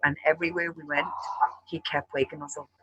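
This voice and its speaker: A man hosting a chat show, telling a rambling, profane story in an animated way. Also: a little high, brisk, lo-fi sound, a little hiss or hum. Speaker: show host.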